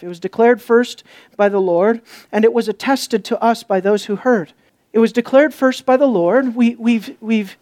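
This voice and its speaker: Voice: darkish tone, no room sound. Preacher type: emphatic, urgent teaching sermon, keeps checking the listeners follow, dry recording. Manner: emphatic, asks the listeners questions; rises to urgent, high-pitched stress. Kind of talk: expository sermon.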